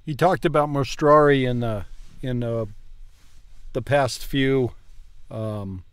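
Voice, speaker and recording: A man thinking aloud over a language lesson, talking slowly and hesitantly. His voice is close and dry, with no room sound around it. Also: mid-range voice, smooth, no room sound. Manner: thoughtful, musing aloud, hesitant. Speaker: language learner vlogger. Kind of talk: casual commentary.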